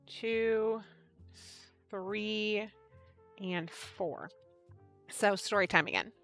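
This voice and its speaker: A woman's voice: mid-range voice, drawn-out words, soft background music. A woman hosting a knitting livestream, chatting casually and telling stories with lots of laughter. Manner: animated storyteller, laughing often.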